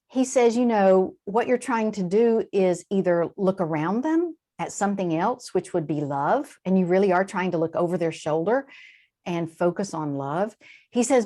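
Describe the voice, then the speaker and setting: A woman guest in an interview, explaining in a lively conversational way, with quick asides and frequent shifts in emphasis. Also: mid-range voice. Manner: animated, warm-hearted explaining with quick asides and laughs. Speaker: translator and guest.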